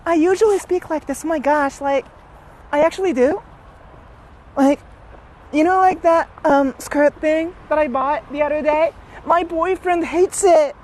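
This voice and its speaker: A man putting on a breathy girly young woman. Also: unhurried, darkish tone, slight background noise. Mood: gushing. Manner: high breathy put-on girly voice.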